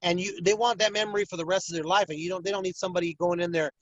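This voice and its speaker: Talking very fast in a high-pitched voice, a boxing ring announcer tells stories in a casual interview, acting out fighters' voices with animation. It's a dull, dry lo-fi recording with no room sound.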